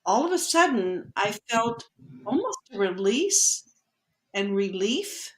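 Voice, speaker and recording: Speaking slowly in a mid-range voice, a woman tells a personal story as a podcast guest. She's an energy healer and an animated storyteller who voices the other people's lines, and the room sounds echoey.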